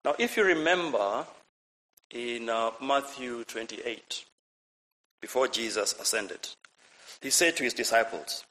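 A man preaching a lively sermon, asking the congregation questions and repeating his phrases. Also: mid-range voice, unhurried, long pauses, low-quality recording. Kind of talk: lively sermon with audience participation.

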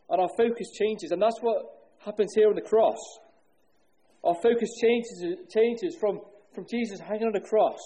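A man preaching an earnest sermon as pastor, asking rhetorical questions and dropping low and slow on solemn words. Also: dark tone, husky.

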